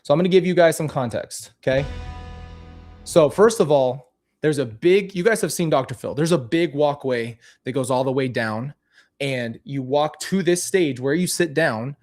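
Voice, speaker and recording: A man's voice: a little high, moderate pace, darkish tone, faint music behind. A man talking casually and candidly to camera as a vlogger, commenting on old clips of himself with frequent restarts.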